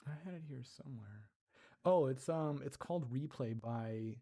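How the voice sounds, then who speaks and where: A man hosting a casual livestream, reading viewer comments aloud, laughing often and sounding out foreign words slowly. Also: medium pitch, vocal fry, mellow, breathy edge. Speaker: livestream host. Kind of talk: casual livestream chat while learning a language.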